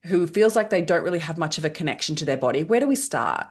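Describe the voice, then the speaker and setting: Low-voiced woman podcast host. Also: very animated, fast, breathy edge. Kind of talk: conversational podcast interview.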